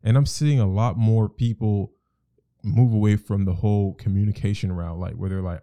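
Man, low voice, very dark mellow tone, casual podcast chat, rambling and emphatic. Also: steady tone, moderate pace, dry recording, clean studio sound.

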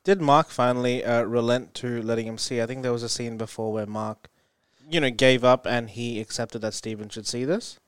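A man in relaxed conversation, asking questions and adding details. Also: medium pitch, normal speed, clean tone, no room sound, studio quality. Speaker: podcast co-host. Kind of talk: casual chat.

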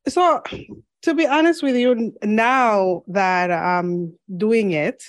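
A woman's voice: medium pitch, takes it slowly, no echo. A woman from Zambia with a slight lisp, a podcast guest telling her story in an earnest, reflective way in a casual interview.

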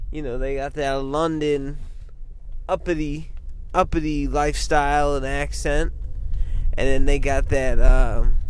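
A man's voice: a little high, a little hiss or hum. A man from the Midwest, talking in a casual, meandering monologue full of fillers. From American Midwest.

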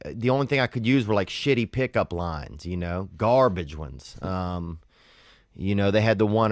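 A man calmly telling stories and giving advice in a matter-of-fact way. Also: low voice, a little slow, dry recording, clean studio sound. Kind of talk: casual storytelling and advice.

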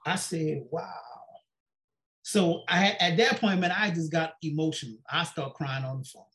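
A man's voice: a little high, fairly even intonation, normal speed, a bit bright. A pastor telling his personal story in an interview, repeating "she said" and acting out the dialogue. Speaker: pastor and guest. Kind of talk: personal testimony in a sit-down interview.

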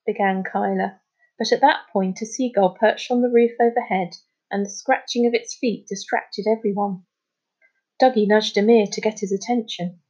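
A woman's voice: mid-range voice, normal speed. Woman reading a children's story. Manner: clear, expressive storytelling. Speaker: teacher reading aloud. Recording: slightly muffled recording.

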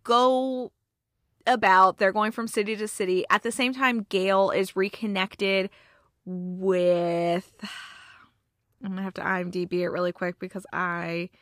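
A woman's voice: medium pitch, steady tone, measured pace, no echo, clean studio sound. A young woman chatting through a movie plot recap with lots of fillers, easily moved. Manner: chatty, filler-heavy, emotional. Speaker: movie reviewer.

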